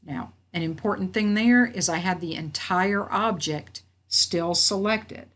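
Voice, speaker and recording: A woman instructor walking through a software tutorial, reading out each step and checking her work as she goes. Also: fairly low pitch, a little slow. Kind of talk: screen-recorded software tutorial. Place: at a computer.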